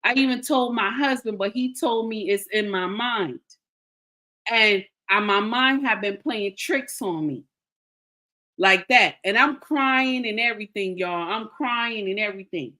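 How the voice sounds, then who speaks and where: A woman with a bright, forceful voice recounts a personal story straight to her viewers. She is animated and emphatic, and she repeats her key lines for weight. She keeps checking in with her listeners as she goes. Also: medium pitch, a little slow.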